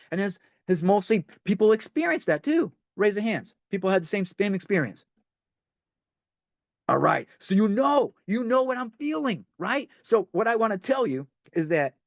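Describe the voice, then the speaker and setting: A man with a higher-pitched voice leads a recovery step workshop in a chatty teaching manner. He circles back over his points and puts questions straight to the group. The recording is dull, lo-fi and very dry. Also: animated, moderate pace, dry recording. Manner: repeats himself, speaks straight to the group. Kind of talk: conversational teaching talk.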